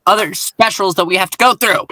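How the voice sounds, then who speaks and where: A man hosting a casual podcast chat, upbeat and quick to laugh. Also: sits high, pushed and bright, slight background noise. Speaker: podcast host.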